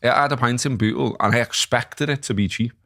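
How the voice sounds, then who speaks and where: A man in his thirties with a Liverpool accent, co-hosting a podcast in relaxed, sweary casual chat. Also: mid-range voice, fast, vocal fry, dry recording, clean studio sound. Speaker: podcast co-host. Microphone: podcast microphone.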